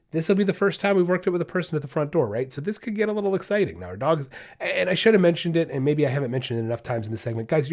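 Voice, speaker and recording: A man hosts a dog-training podcast in a relaxed, chatty voice. His pitch sits in the middle range for a man. He keeps checking in with listeners as he walks them through each step. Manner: casual, upbeat, addresses listeners as guys, many okays and rights. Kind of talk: instructional podcast talk.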